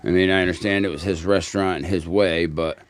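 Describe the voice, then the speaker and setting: A man's voice: sits low, steady tone, fast, smooth. A man chatting casually on a live stream, answering viewers and talking fondly to his cat. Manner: talks fondly to his cat between chat. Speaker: livestreamer.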